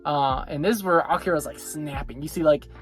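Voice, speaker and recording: A man's voice: fairly high pitch, a little fast, faint music behind. A young man casually recapping an anime episode, rambling with many fillers as he retells the scenes. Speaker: anime reviewer.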